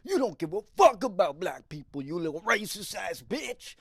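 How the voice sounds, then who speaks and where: A man voicing an agitated, jittery male street wanderer who fires off a rapid, accusatory rant. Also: mid-range voice, gravelly, slightly rough, no echo, studio quality. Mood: indignant. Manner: rapid ranting monologue.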